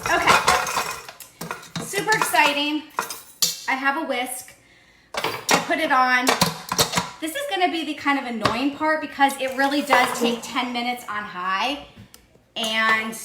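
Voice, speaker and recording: In a high-pitched voice, a chatty, excited woman teaches baking live from her home kitchen while replying to viewers' comments. The audio is very noisy and echoey, picked up by an on-camera mic moved around the room amid mixer and kitchen clatter.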